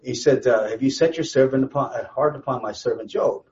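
A man's voice: mid-range voice, brisk, a little mellow, lo-fi sound. A man teaching a conversational Bible study. He speaks emphatically, asks rhetorical questions and repeats phrases for stress.

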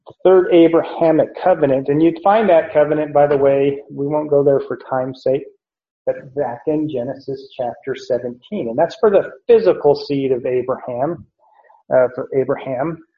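A man teaching through a Bible passage verse by verse, explaining deliberately and pausing often to correct himself. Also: on the high side. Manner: slow, deliberate explanation with frequent "uh" and self-corrections. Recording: roomy, dull lo-fi recording.

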